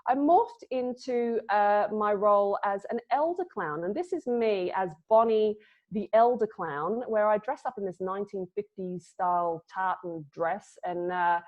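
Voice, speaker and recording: A woman's voice: medium pitch, darkish tone. A woman from Scotland giving a playful, casual online talk as a clown presenter, full of dad jokes. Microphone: video call. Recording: lo-fi video call audio.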